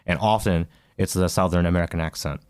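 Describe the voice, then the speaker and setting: A man's voice: sits low, steady tone, fast, clear, resonant tone, no room sound, clean studio sound. A man co-hosting a gaming podcast, talking casually and thoughtfully, asking questions with fillers. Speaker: podcast co-host. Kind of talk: casual chat.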